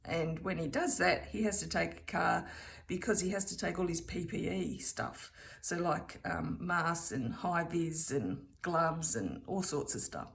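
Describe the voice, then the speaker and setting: Gravelly low-voiced Australian woman. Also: slight background noise. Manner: chatty, rambling, keeps returning with "anyway". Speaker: vlogger. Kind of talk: casual storytelling.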